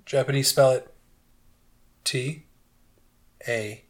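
Give me a young man co-hosting a loose, boozy podcast. He explains things like a playful lecturer and trades swearing banter with his friends, and his voice sits at an everyday pitch for a man. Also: steady tone, slow. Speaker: podcast co-host. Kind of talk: casual chat.

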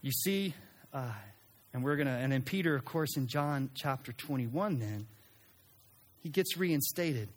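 A man preaching a sermon in an animated way, acting out quoted lines and sometimes restarting his sentences. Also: mid-range voice, measured pace, pauses often. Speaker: pastor.

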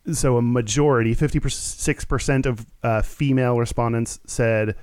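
A man's voice: mid-range voice, fairly even intonation, moderate pace, a little mellow, clean tone, dry recording. A man from Houston co-hosting a casual podcast, rambling with lots of fillers and self-mocking asides. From Houston, Texas. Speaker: podcast co-host. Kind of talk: casual chat.

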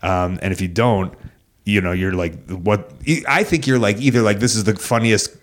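A man with a somewhat low voice, chatting on a casual podcast. He reflects out loud with a wry edge, pausing on "uh" and restarting his sentences.

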